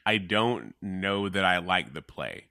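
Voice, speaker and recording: Give me a very deep, bright-toned man musing hesitantly on a podcast. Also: animated, slow pace, vocal fry, dry recording. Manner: thoughtful, hesitant. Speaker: podcast co-host. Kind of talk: casual chat.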